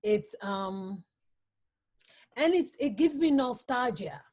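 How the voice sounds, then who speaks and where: A woman hosting an interview, halting and emotional, with many pauses and fillers. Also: fairly high pitch, expressive, darkish tone. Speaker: talk show host.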